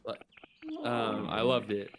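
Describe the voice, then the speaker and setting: A male streamer in casual chat, animated, swearing often and putting on voices as he retells a game. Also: fairly low pitch, slow pace, background noise.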